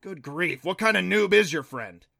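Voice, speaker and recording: A man's voice: on the high side, a little slow, gravelly, sharp tone, pitched above the performer's own voice, full character voice. A man voicing a grumpy male kelpie, a talking water horse, in a storybook reading with a blunt, scoffing manner. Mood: scornful.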